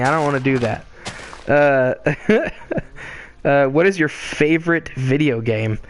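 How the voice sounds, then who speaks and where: A man game master chatting casually while answering live questions, rambling with many restarts and quick chuckles. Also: mid-range voice, slight background noise.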